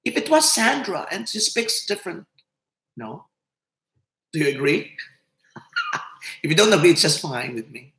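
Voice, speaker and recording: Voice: mid-range voice, huge pitch swings, measured pace, long pauses, a bit bright. A host in their fifties with a Filipino accent, chatting casually on a livestream and laughing often. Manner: chatty, laughs often, switches between English and Tagalog. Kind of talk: casual live chat. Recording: roomy echo.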